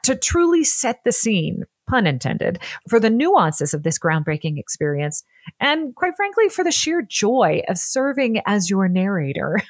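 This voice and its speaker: A woman narrating a scripted history podcast in an expressive, playful way. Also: medium pitch, no echo. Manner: expressive and playful, laughs often.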